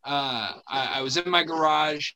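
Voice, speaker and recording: A young man telling a story in casual chat, halting and full of fillers and restarts, laughing often. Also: a little high, sharp tone, poor audio. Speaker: podcast guest telling a story.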